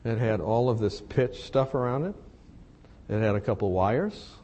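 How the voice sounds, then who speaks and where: A man preaching a sermon, telling a personal story in a confessional way that moves between hushed and emphatic. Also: on the low side, moderate pace, slight background noise.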